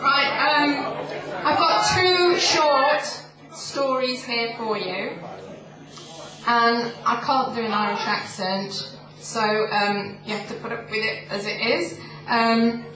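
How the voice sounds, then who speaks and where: A woman telling stories live to an audience, slow and deliberate with frequent ums, in a large echoey hall with a distant mic. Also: fairly high pitch, crowd noise. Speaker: storyteller.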